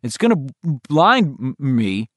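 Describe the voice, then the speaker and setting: A man's voice: medium pitch, very animated, takes it slowly, fairly bright tone, dry recording, studio quality. A man reading an audiobook, voicing an earnest young boy who stutters heavily. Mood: urgent. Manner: heavy stutter. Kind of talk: audiobook character voice.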